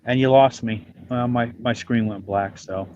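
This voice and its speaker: A man's voice: medium pitch, steady tone, a little slow, darkish tone, highs cut off, slight background noise. A man from Ireland hosting a casual livestream chat, blunt and self-mocking in how he talks. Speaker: livestream host.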